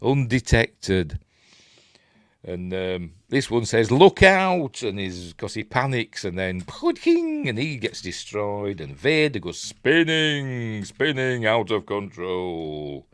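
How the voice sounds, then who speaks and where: An older Yorkshire man chats through a film in a low voice that swings up and down with plenty of life. He rambles along in a casual way and now and then hums the score. The sound is dry, with no room ring. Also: big pitch swings, takes it slowly, a bit bright, clear, resonant tone, no echo. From Yorkshire, England. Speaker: film reviewer. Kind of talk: casual commentary over a film.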